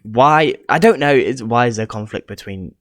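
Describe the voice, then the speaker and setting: A young man from England, rambling through casual vlog commentary and reading haltingly off his screen. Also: mid-range voice, lively intonation, no room sound. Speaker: YouTuber.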